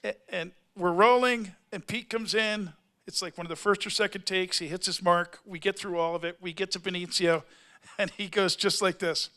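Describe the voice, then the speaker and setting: At a convention panel, a middle-aged male actor with a high-pitched, steady, bright, forceful voice tells a rambling story at a moderate pace. He keeps interrupting himself to stop and restart sentences, and he acts out what others said.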